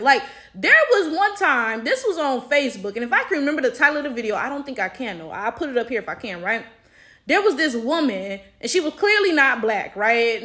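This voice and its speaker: With a high, fairly bright voice, this American woman offers opinion commentary as a vlogger. She has an African American English accent, sounds blunt and exasperated, and doesn't hold back on swearing.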